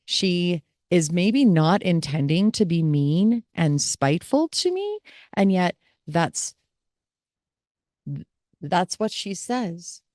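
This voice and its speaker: A woman's voice: on the low side, very animated, takes it slowly, darkish tone, no echo, clean studio sound. A woman podcast host and family caregiver speaking in a candid, reflective personal monologue.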